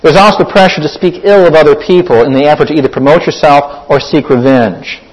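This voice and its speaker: Husky-voiced preacher in an earnest sermon. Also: male voice, fairly high pitch, fast, rough recording. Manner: earnest, exhorting the congregation. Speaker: pastor.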